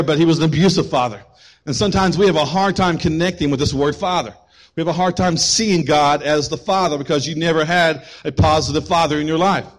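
A man preaching a sermon to his congregation, animated, getting louder for emphasis and then dropping low, with quick asides and jokes to the room. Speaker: pastor.

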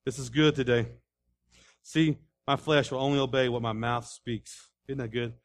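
A man preaching a sermon in a folksy way, building to loud repeated declarations. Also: medium pitch, fairly even intonation, moderate pace. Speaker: pastor.

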